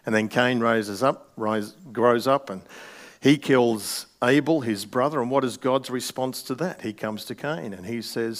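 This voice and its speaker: A man's voice: medium pitch, a little slow. A middle-aged male pastor preaching a sermon in a conversational way, with wry asides.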